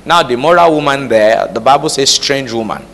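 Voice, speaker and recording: A man's voice: medium pitch, brisk, fairly bright tone, slight background noise. A man preaching, quizzing the congregation with call-and-response questions. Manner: call-and-response, repeated "All right?" checks. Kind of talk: sermon. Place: church hall. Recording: reverberant hall.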